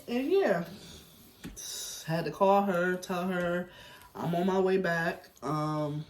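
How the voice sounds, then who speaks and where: A man's voice: fairly high pitch, slight background noise. A middle-aged man telling a personal story in a rambling, chatty way at home, heavy on slang and fillers. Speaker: vlogger. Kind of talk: casual storytelling chat. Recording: roomy echo.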